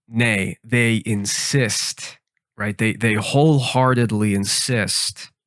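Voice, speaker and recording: A man hosting a podcast, rambling through a comic monologue with mock-serious, deadpan reasoning while he plays a game. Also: lowish voice, no echo, studio quality. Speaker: podcast host.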